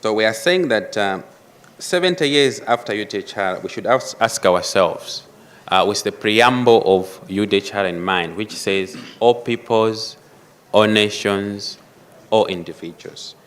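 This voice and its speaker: A man giving a formal prepared speech at a conference, measured and emphatic, repeating key phrases. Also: lowish voice, animated, fairly bright tone. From Malawi. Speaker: conference speaker. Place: conference hall.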